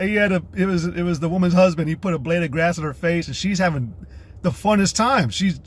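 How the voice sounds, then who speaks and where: Husky-voiced man preaching on a livestream. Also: sits high. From United States. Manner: profane, blunt ranting that alternates with reading scripture aloud. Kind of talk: casual livestream preaching with scripture reading. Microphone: streaming setup.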